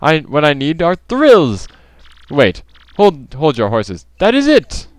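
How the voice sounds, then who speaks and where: A man's voice: on the high side, wildly swooping pitch, dry recording, pitched above the performer's own voice, exaggerated voice. A man hamming up a pompous rich merchant. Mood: grandiose. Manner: grandiose, drawn-out exclamations. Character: pompous rich male merchant, theatrical and dramatic. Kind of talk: let's play voice reading.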